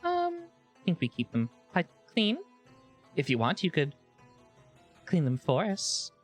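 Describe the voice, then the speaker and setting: A man's voice: on the high side, wildly swooping pitch, a little slow, soft background music, pitched above the performer's own voice, heavily acted. A man voicing a mysterious female desert guardian who speaks in a sly, mock-polite way. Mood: sly teasing.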